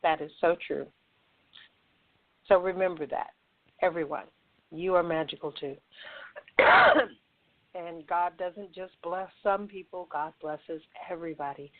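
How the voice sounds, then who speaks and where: A woman hosting a spiritual talk show, speaking in a gentle, affirming way and laughing easily. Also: on the low side, fairly even intonation, measured pace, long pauses, narrow, tinny audio. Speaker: host and channeler.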